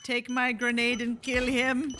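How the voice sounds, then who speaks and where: A woman streaming a co-op game with friends, talking casually with excitable, swearing outbursts and frequent laughs. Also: a little high, measured pace, background noise. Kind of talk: casual gaming chat.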